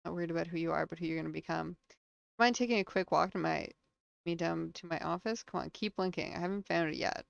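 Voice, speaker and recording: A woman streamer commenting live on a game, reading on-screen text aloud between quick reactions. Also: on the low side, creaky, clean tone, no echo, dull audio.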